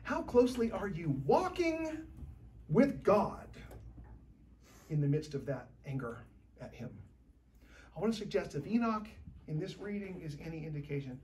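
A woman preaching a sermon in a church, talking in a conversational, lively way with shifting loudness. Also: lowish voice, moderate pace, pauses often, recorded from a distance, slight background noise.

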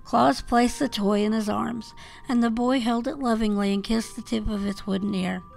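A woman reads a classic fairy tale aloud at a calm, even pace. Her voice is strongly gravelly with a lot of fry. She keeps the reading gentle and measured, and a soft waltz plays faintly behind her. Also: on the high side. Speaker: podcast host reading a children's book aloud. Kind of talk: storybook narration. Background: faint waltz music.

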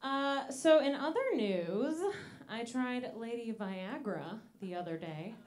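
A young woman doing a stand-up comedy set on a club stage into a handheld mic, with a deadpan delivery and slow pauses. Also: on the high side, background noise. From Italian-American family. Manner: deadpan delivery, slow pauses, sudden shouted outbursts in put-on voices.

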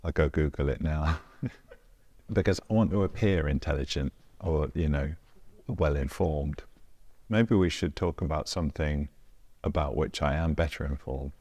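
A man's voice: a bass voice, moderate pace, a little mellow, slightly rough. A man, a visual artist, casually talking through his own works in a gallery, thinking aloud with dry, self-deprecating humor. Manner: rambling, thinking aloud with hedges.

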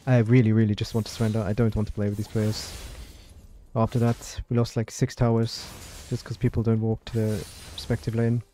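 A man's voice: lowish voice, level tone, a little fast, warm tone, slight background noise. A man streaming his live gameplay with frustrated, swearing commentary, often chanting words over and over. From Europe.

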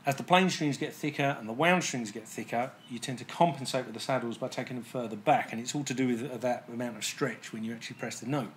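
A man's voice: medium pitch, fast, hardly any pauses. Male guitar tech, plain and methodical, faint background noise. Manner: plain, methodical, with many um and uh fillers. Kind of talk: technical explanation.

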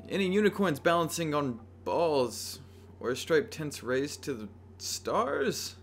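A man voicing a creepy, theatrical jester woman in a video game, speaking slowly and eerily. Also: a little high, very animated, vocal fry, soft background music, exaggerated voice. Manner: slow, eerie theatrical delivery.

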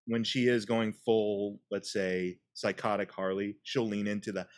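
Animated man recounting cartoon scenes. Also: on the low side, measured pace. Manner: animated retelling, acts out quotes with laughs. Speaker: podcast host. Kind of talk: casual chat.

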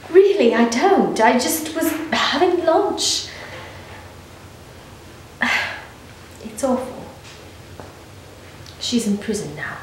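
A woman's voice: a little high, a little hiss or hum. A woman playing a nervous young runaway. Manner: rambling, defensive, nervous laughter. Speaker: actor. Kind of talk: dramatic monologue. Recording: very echoey room.

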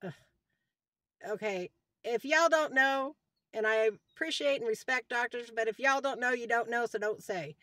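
A devout woman in her sixties talks into her phone in a heartfelt, rambling way, circling back to the same words and praising God between thoughts. Her voice sits a little high for a woman. The sound is close and dry, with no room around it. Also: normal speed, fairly bright tone, no room sound. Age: 60s. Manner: heartfelt and rambling, often repeating herself. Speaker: vlogger giving a personal health update. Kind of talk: casual talk to camera.

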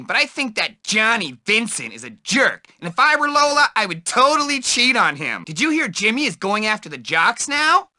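A timid, lonely teenage bookworm for a video game, eager and self-pitying as he angles for friendship. His voice sits high and swoops about, bright and sharp at the edges. Dry, close sound with no room around it. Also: no room sound, exaggerated voice. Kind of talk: game voice lines.

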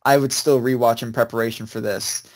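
A man's voice: medium pitch, fairly even intonation, brisk, a little mellow. A young man co-hosting a podcast, talking in a rambling, hesitant way with many restarts. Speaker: podcast co-host. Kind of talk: casual chat.

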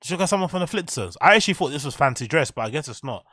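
A man's voice: fairly high pitch, sing-song, racing, pushed and bright, no echo, studio quality. A man hosting a podcast, giving blunt, rambling, sweary commentary in a casual chat. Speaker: podcast host.

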